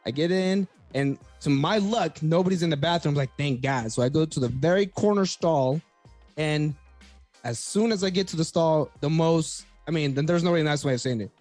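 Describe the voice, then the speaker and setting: A young adult man, a podcast guest, telling a story in a profane, animated way. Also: on the high side, moderate pace, faint music behind. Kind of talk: casual chat.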